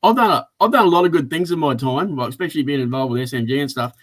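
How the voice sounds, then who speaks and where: A man with an Australian accent co-hosting a casual chat, telling stories in a blokey, animated way. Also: a little high, very fast. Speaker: co-host.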